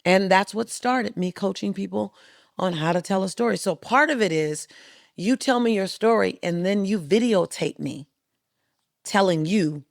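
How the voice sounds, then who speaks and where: Gravelly, emphatic woman telling stories. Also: medium pitch, moderate pace, no echo, clean studio sound. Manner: emphatic, rhythmic, animated storytelling. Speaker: guest, motivational speaker. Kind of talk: storytelling interview talk. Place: podcast studio.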